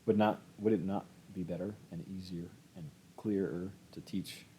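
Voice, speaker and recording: A man's voice: low voice, fairly even intonation, normal speed, dark tone, a little hiss or hum, close to an everyday voice, poor audio. A man voicing a fussy, pedantic man in a read-aloud novel, prim and hesitant.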